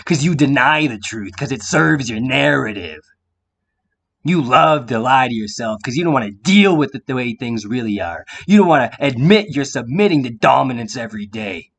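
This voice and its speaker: A man's voice: medium pitch, normal speed, creaky. Man ranting at the viewer. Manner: confrontational, rhetorical questions, profanity; drops into a quiet calm voice at times. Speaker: vlogger. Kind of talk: heated monologue to the viewer.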